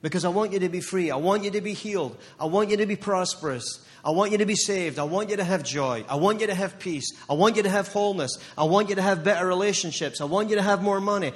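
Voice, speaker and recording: A man's voice: high voice, fast talker, few pauses, long reverb tail. A male pastor preaching a sermon, impassioned and building to fired-up declarations with emphatic repeated phrases.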